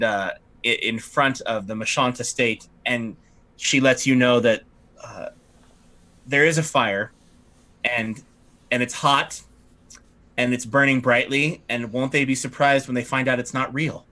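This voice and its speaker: A man's voice: mid-range voice, fairly even intonation, a little slow, pushed and bright. A man narrating as game master of a tabletop game, in a loose, rambling way with many fillers.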